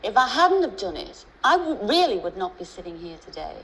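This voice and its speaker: A woman's voice: medium pitch, very animated, a little fast, fairly bright tone, a little hiss or hum, rough recording. A middle-aged woman with a Liverpool accent, a chat-show guest who talks in a chatty, storytelling way with many restarts and asides.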